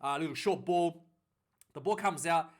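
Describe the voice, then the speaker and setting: A man recapping a rugby match in a casual, rambling way, getting excited at big plays, with many fillers and restarts. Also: fairly high pitch, moderate pace. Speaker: rugby reviewer.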